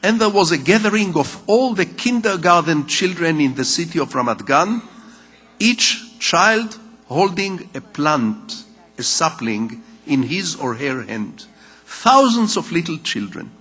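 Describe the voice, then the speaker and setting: An older Israeli man with a Hebrew mother tongue, giving a public lecture in measured storytelling with rhetorical repetition. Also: fairly high pitch, very animated, a bit bright, breathy edge, in a large hall. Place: large lecture hall.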